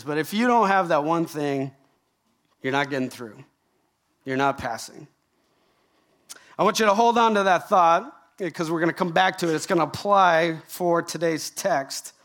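A middle-aged man from Canada, a pastor giving a sermon, telling a story with lively rhetorical questions. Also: high-pitched, moderate pace.

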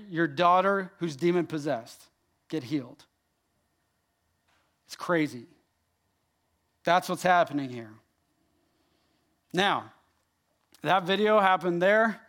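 High-voiced animated male preacher. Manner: animated and emphatic, addressing the room directly. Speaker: pastor. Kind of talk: sermon to a congregation.

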